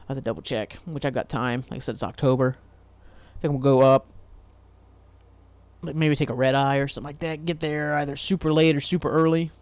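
A man's voice: medium pitch, steady tone, a little fast, darkish tone, clear, resonant tone, dry recording. A man from Ohio hosting a casual solo podcast, rambling loosely, swearing freely and laughing at himself. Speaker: podcast host.

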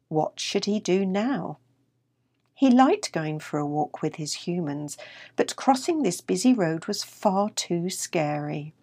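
An older woman, the author, reading her children's story aloud in a calm, even way. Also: lowish voice, slightly rough, dry recording.

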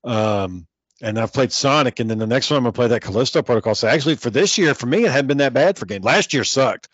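Man, mid pitch, relaxed profane rambler, muffled dry recording. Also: quick pace, breathy edge, no echo. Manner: laid-back, swears a lot, rambling. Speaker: gamer chatting with a friend. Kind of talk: casual chat.

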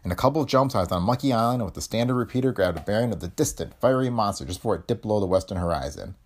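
A man narrating a pulp story as an audiobook, with animated storytelling. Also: on the low side, rapid-fire.

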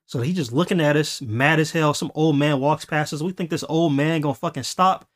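A man hosting a podcast, telling a story in a casual, animated way. He laughs often and acts out the voices of the people he quotes. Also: fairly high pitch, fairly quick, hardly any pauses. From Los Angeles. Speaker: podcast host.

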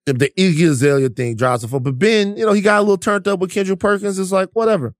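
A man's voice: sits high, quick pace, no room sound, studio quality. A man co-hosting a podcast, chatting casually with profanity and jokes. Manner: profane, animated, jokey. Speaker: podcast co-host. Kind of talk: casual chat.

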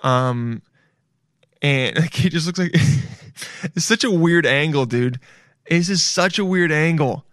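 A man's voice: fairly high pitch, takes it slowly, a bit bright, no echo, clean studio sound. A man hosting a podcast, riffing in casual comedic commentary, rambling, swearing and calling the listeners "dude". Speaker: podcast host.

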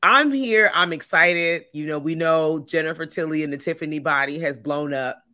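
Woman, podcast co-host, low pitch, bright tone, animated, swearing. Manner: animated, swears freely, drawn-out emphatic delivery. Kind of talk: casual podcast chat.

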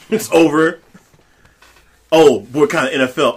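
Bright-voiced man ranting heatedly. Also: brisk, slightly rough. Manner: loud, heated, swings between growls and high yells. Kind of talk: profane ranting commentary.

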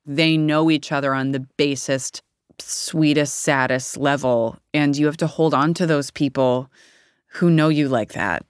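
Low-voiced candid actress, dry sound. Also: female voice, moderate pace, clear, resonant tone, dry recording. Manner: candid, rambling, laughs often. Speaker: actor guest. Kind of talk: casual interview chat.

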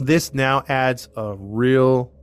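Male host, mid-pitched, loose conversational storyteller who rambles through a case. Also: steady tone, very slow, smooth. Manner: rambling, filler-heavy, restarts often. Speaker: podcast host telling a true-crime story. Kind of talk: casual storytelling to co-hosts.

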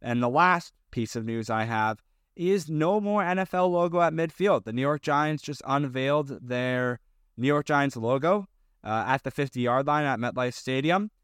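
A man co-hosting a podcast, talking loosely and circling back through fillers and restarts. His voice is smooth and resonant. It is recorded dry and close, with little room sound. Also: medium pitch, lively intonation, moderate pace, a bit bright, no room sound. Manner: rambling, with many fillers and restarts. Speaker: podcast co-host. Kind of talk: casual chat.

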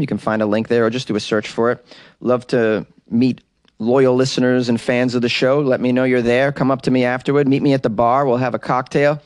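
A man's voice: mid-range voice, no echo, clean studio sound. A man, a comedian, hosting his podcast in a chatty, upbeat, rambling monologue.

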